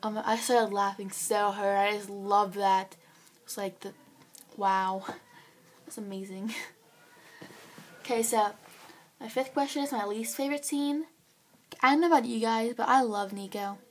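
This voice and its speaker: A teenage girl giving a casual book review, gushing and excitable, with lots of fillers. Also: mid-range voice, unhurried, long pauses.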